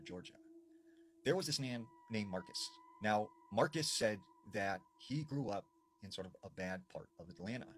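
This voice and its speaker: A man retelling creepy stories in a dramatic way, sometimes dropping to a hush. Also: on the low side, slight background noise. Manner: dramatic, with sudden drops to a hush. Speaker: storyteller.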